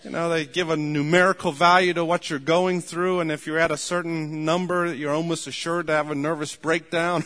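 A man preaching a sermon in a fairly high voice, with a long hall echo trailing after his words. He tells folksy stories, comes back to the same short lines again and again, and chuckles now and then. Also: fairly bright tone.

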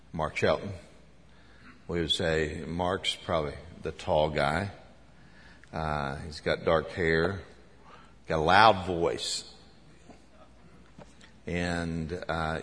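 A man's voice: low-pitched, a bit bright, long reverb tail. A man preaching a sermon to his congregation, talking conversationally with fillers and restarts. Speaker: pastor. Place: church sanctuary.

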